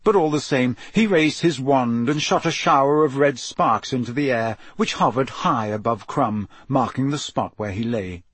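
A man's voice: mid-range voice, normal speed, few pauses, slightly rough, no room sound. A man reading an audiobook aloud, with tense, dramatic storytelling. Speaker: narrator.

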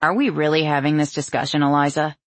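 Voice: medium pitch, fast talker, no echo, close to an everyday voice. A woman reading as a guarded, soothing boyfriend. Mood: placating. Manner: calm, soothing, slightly condescending. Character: smooth, guarded adult male boyfriend.

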